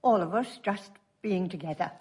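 A woman playing a quiet, weary character in a sitcom. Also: fairly low pitch, normal speed. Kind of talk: sitcom acting.

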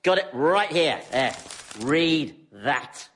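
A blustering man who barks orders in a bossy, pompous way. His voice sits slightly high. The recording carries a clear bed of background noise. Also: expressive, slow pace, fairly bright tone. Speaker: newspaper editor character. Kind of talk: sitcom acting.

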